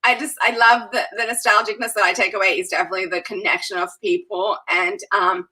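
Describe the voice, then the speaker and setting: A woman who plans weddings and events, telling animated stories in a casual interview and laughing often. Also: mid-range voice, quick pace, husky, rough recording.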